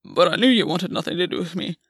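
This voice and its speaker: A woman voicing an anxious, gravelly fae man. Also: on the low side, fast, no echo, clean studio sound. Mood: anxious pleading. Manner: hesitant, pleading. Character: anxious, guilt-ridden young fae man. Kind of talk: audiobook reading.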